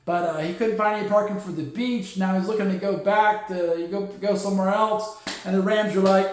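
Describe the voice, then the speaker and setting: A man's voice: high-pitched, fairly even intonation, fairly quick, a little mellow. Rambling man in an echoey room. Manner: rambling with jokey asides. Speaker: podcast host. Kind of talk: casual news chat.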